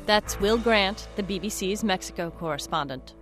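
A woman's voice: medium pitch, normal speed, over music. A woman hosting a radio show, introducing segments and chatting with upbeat, playful patter. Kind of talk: casual radio interview.

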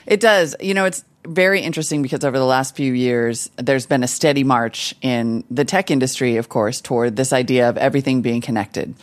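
A woman tech correspondent reporting remotely from a trade show, explaining industry trends in a lively, analytical way. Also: rumbling low, brisk, few pauses, no echo. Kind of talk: conversational news interview.

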